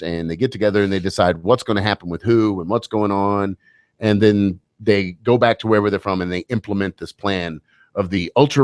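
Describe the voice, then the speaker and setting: A man's voice: on the low side, dry recording. A man hosting a radio talk show, bantering casually with wry, joking asides.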